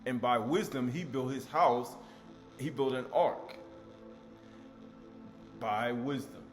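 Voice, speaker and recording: A man's voice: mid-range voice, slow pace, faint music behind. A man giving a scripture teaching, emphatic, repeating key words and asking rhetorical questions.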